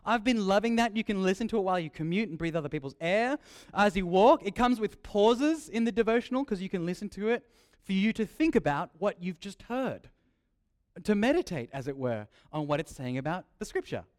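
Young aussie guy preaching, high voice, jokey asides, repeats himself. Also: animated, brisk. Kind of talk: sermon.

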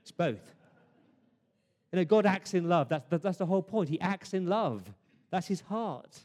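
A man's voice: high-pitched, animated, moderate pace, a little mellow. A man preaching a sermon to his congregation, earnest, often restarting words and asking rhetorical questions. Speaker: pastor. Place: church service.

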